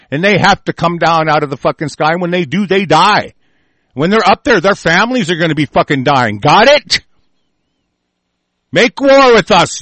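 A man's voice: sits high, a bit bright, no echo. A man hosting a talk radio show, delivering a furious, profane, threatening tirade. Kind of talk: angry on-air rant.

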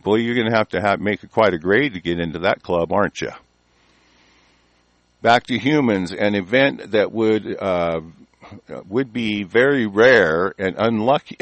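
A man's voice: on the low side, animated, normal speed, no room sound. A man ranting angrily as a talk show host, swearing constantly and laughing mockingly. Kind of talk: profane conspiracy rant.

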